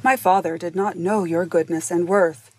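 A woman's voice: lowish voice, steady tone, normal speed, slight background noise, lightly acted. A woman reading as a humble young baron. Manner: earnest, respectful plea. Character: humble young male baron, a nobleman and father.

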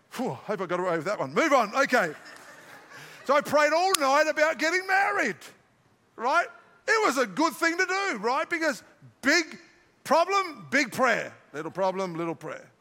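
An older Australian man preaching to his congregation, his voice high and forceful. He slips playful, self-deprecating jokes in between scripture points, and a long hall reverb trails each line. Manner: joking, self-mocking asides. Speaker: pastor. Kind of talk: sermon. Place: large church auditorium.

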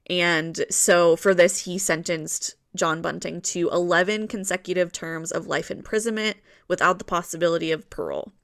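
A woman's voice: lowish voice, vocal fry, fairly bright tone. A woman co-hosting a casual true-crime podcast, telling the case in a loose, chatty way with many fillers. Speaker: podcast co-host narrating the case.

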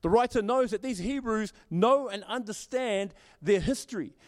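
A man's voice: sits high, moderate pace. A man preaching a sermon as pastor, stammering on repeated words and acting out the voices he quotes. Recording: long hall reverb.

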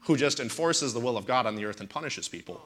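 Bright-voiced preaching man. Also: medium pitch, fast. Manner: animated storytelling, emphatic and indignant. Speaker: pastor. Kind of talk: preaching on a talk show.

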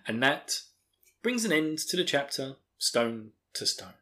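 A man's voice: mid-range voice, big pitch swings, a little slow, pushed and bright. A man with an Essex accent, hosting a podcast in casual, rambling chat with lots of fillers. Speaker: podcast host.

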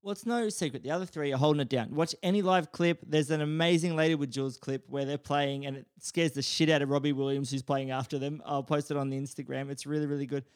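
A male podcast co-host talks casually about old bands. His voice sits a touch high, and he rambles and laughs easily. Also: fairly even intonation, fast talker, few pauses. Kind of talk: casual chat.

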